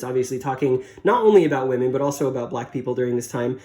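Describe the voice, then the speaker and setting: Casting: quick male comic reviewer, casual and rambling, mid pitch. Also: mellow. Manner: rambling, many fillers and restarts.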